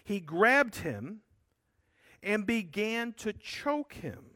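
A man's voice: high-pitched, very animated, very slow, pushed and bright, dry recording, clean studio sound. A man preaching a sermon, explaining a scripture passage in an earnest, emphatic way with rhetorical asides to his listeners.

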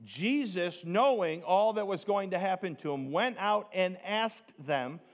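Pastor, male, fairly high voice, emphatic sermon delivery with slowed-down stresses. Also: animated. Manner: emphatic, rising to near shouts on key points; slows down to stress key words.

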